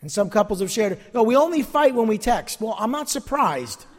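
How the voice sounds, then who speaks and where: Earnest male preacher, high voice, echoey church hall. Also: normal speed. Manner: earnest, animated preaching with emphatic repetitions. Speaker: pastor. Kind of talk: sermon.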